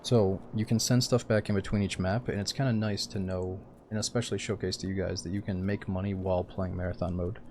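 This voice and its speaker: A sleepy man talks through his game stream in a low, monotone voice, loose and rambling as he chats with viewers. Faint game ambience hums underneath. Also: fairly quick, hardly any pauses, slight background noise. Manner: laid-back, rambling, says "dude" a lot. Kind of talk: casual gaming stream chat.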